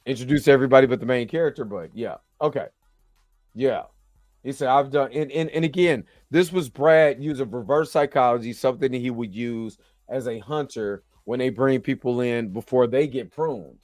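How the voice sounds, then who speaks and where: A man's voice: medium pitch, normal speed, a little mellow, dry recording, soft background music. Tired, chatty man reviewing a show. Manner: rambling, slangy, chatty, keeps asking "you know what I'm saying". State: tired, yawning after a long work shift. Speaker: show host reviewing a TV episode. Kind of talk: casual video review.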